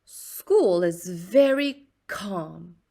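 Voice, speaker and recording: A woman reading aloud the lines of an earnest, fussy male farmer in a slow, emphatic, slightly stern way. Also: on the low side, expressive, gravelly, warm tone, full character voice. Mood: firm.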